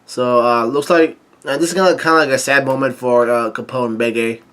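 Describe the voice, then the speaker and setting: Casual male reader walking through a manga chapter; hesitant, filler-heavy delivery with chuckles, mid-pitched voice. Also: fairly even intonation, a bit bright. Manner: halting, many fillers and restarts, chuckles often.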